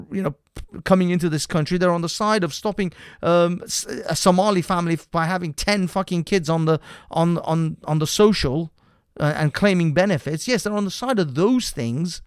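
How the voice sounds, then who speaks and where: A man from the United Kingdom hosts a live stream and rants in a heated, profane way, circling back to the same point over and over. His voice sits fairly high for a man. The sound is dry and close. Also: clean tone, no room sound. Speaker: livestream host. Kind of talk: ranting political commentary.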